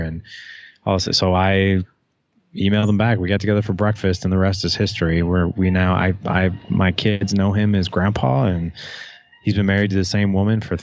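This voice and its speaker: Low-voiced man telling a personal story. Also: clean tone, no room sound, muffled recording. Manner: casual, profane, retells dialogue with many "like"s and restarts. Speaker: podcast guest. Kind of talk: candid storytelling interview.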